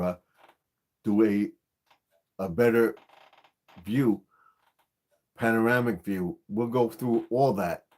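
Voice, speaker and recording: Slow, low-voiced man demonstrating gear. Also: a little mellow. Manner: repetitive, hands-on explaining with many fillers. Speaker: gardening channel host. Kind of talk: casual live-stream demonstration.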